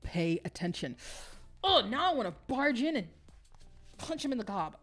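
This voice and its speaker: A woman's voice: high-pitched, sing-song, normal speed, a bit bright, faint music behind. A woman streamer playing a story game live, reading the text aloud and reacting with gasps and laughter.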